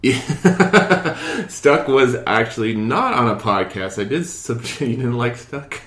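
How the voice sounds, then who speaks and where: A man's voice: medium pitch, animated, normal speed, fairly bright tone. Snarky man in an echoey room. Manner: snarky, laughing banter. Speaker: podcast host. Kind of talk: casual chat. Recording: roomy echo.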